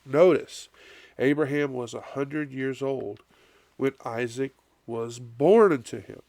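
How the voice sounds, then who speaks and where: Slow, gravelly-voiced male pastor. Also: medium pitch, dry recording. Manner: conversational preaching with frequent "right?" asides. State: congested, coughing and blowing nose. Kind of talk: sermon.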